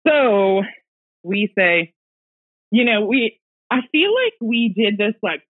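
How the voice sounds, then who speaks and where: A woman's voice: on the high side, animated, slow pace. A woman guest casually telling a personal ghost story, rambling with fillers and little laughs, heard over a remote call. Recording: tinny phone-line audio.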